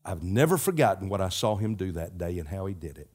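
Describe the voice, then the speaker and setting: A man preaching a sermon, telling a story and slowing down, dropping to a hush for the key lines. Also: sits low, big pitch swings, breathy edge. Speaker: pastor.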